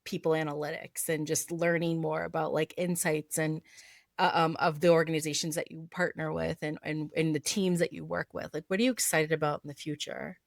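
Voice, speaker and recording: An enthusiastic woman co-host with a very low voice keeps a casual podcast chat going. She leans on a lot of fillers. Her sound is dry and close to the mic. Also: level tone, brisk, vocal fry, no echo. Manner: enthusiastic, filler-heavy, lots of "like" and "yeah". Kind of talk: podcast conversation.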